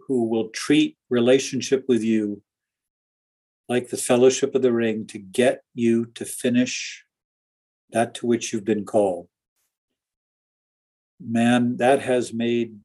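A pastor with a husky, slightly breathy voice recounts stories from his life in an earnest, anecdotal way. He sits at a middle pitch for a man, and his telling runs on with small restarts and laughs. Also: darkish tone. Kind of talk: storytelling in an interview.

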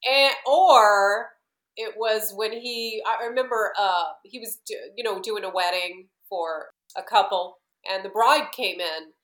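A woman's voice: mid-range voice, a little slow, a bit bright, roomy sound. A woman answering an interviewer's question casually, hesitant and full of "you know" fillers. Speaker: guest, singer.

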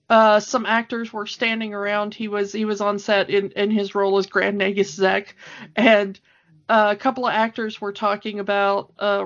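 A female podcast co-host with a mid-range, slightly bright voice talks excitedly about a cartoon film in casual conversation. She gushes, fills her speech with fillers, and the recording sounds dull and lo-fi.

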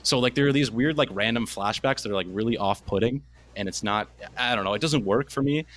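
A man's voice: medium pitch, fairly quick, fairly bright tone. A young man from Canada, a podcast co-host, giving a rambling, casual movie review with many fillers and restarts.

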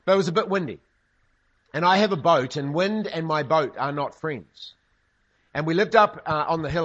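A man's voice: a little high, dull audio. A man preaching a sermon, telling stories with humorous asides. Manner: humorous storytelling, lively asides. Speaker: pastor.

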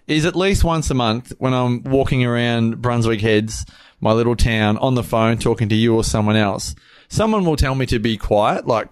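A man co-hosting a podcast, talking loudly and animatedly in a casual chat. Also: medium pitch, moderate pace, clear, resonant tone. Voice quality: loud, animated talker. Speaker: podcast co-host.

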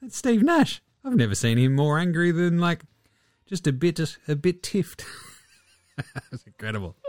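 A man hosting a casual sports recap, excitable and sarcastic, swearing freely. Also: fairly high pitch, unhurried, dry recording. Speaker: host.

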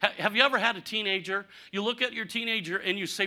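A man preaching a conversational sermon, candid and humorous, asking rhetorical questions and swinging from punchy lines to near-quiet asides. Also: high voice, fast. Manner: animated, rhetorical questions, sudden drops to quiet; candid, self-deprecating humor. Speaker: pastor.

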